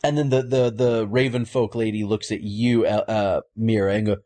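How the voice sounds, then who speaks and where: A man's voice: lowish voice, steady tone, moderate pace, hardly any pauses, dark tone. A man narrating a tabletop game as game master, hesitant with many restarts.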